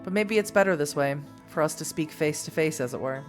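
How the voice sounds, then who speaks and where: A woman's voice: lowish voice, expressive, brisk, faint music behind, natural voice. A woman voicing a composed female vampire who speaks in a neutral, dispassionate way. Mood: cold.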